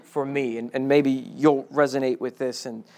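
A man giving a conversational sermon at a Bible college, animated, often repeating words and asking the listeners questions. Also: medium pitch, moderate pace.

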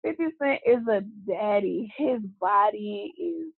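A woman co-hosting a podcast in casual, animated chat, gushing and swearing freely. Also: medium pitch, a little slow, gravelly, slightly rough, no echo. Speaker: podcast co-host. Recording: tinny phone-like line.

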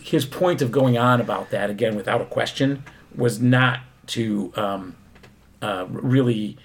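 A man's voice: medium pitch, measured pace, slight background noise. A man co-hosting a casual political chat, talking hesitantly with many fillers and restarts.

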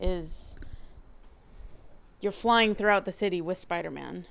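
A woman chatting casually on a podcast, quick and wry. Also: lowish voice, creaky, slight background noise. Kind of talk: casual chat.

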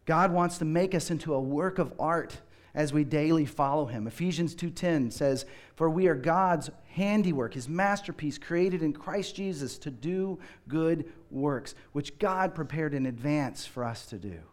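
A man preaching a sermon in an earnest way, often slowing down and dropping quiet to stress a point. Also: fairly high pitch. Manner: earnest, slows down and drops quiet for emphasis. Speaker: pastor.

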